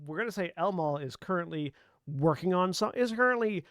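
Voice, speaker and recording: A man's voice: sits high, animated, fairly quick, a bit bright, clean tone, no echo, studio quality. A man running a tabletop role-playing game as game master, stammering often with repeated fillers.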